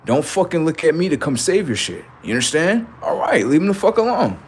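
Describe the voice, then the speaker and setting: A middle-aged man rambling profanely to his livestream about his kids, acting out what they say in lively quoted voices. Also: a little high, brisk, slightly rough. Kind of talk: casual monologue to a livestream audience.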